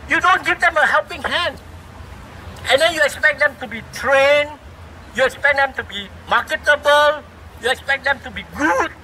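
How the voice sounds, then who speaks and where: A man's voice: extremely high pitch, pushed and bright, slight background noise, rough recording. A middle-aged man with a Singaporean English accent giving a fiery, rhetorical speech that scolds the government, recorded outdoors in a city. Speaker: speaker at a public rally. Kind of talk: impassioned public speech.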